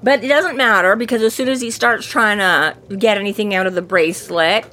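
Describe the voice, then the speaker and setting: A woman's voice: medium pitch, fairly quick. A woman chatting casually about a book she is discussing with friends. She talks in long, winding sentences, restarting often and stacking fillers as she works out her point. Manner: animated, rambling, lots of fillers and restarts. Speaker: podcast co-host.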